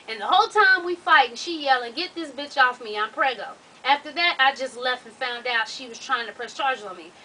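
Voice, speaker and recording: A woman reading a viewer's letter aloud and giving blunt, sassy advice, swearing freely and breaking into loud exclamations. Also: fairly high pitch, recorded from a distance, a little hiss or hum, low-quality recording. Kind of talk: casual advice vlog.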